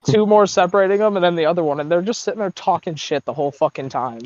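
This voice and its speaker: Male, high register, dry close sound; swearing-heavy, laughing ex-marine telling stories in a casual chat. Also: quick pace, darkish tone, dry recording, muffled recording. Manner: rambling profane storytelling, laughs often. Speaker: former marine telling boot camp stories.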